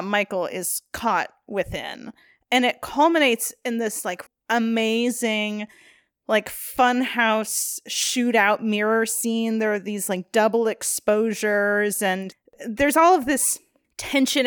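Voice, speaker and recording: A woman's voice: on the high side, clean tone, dry recording, clean studio sound. A woman co-hosting a film podcast in a casual chat, rambling with many fillers and laughing often. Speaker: podcast co-host.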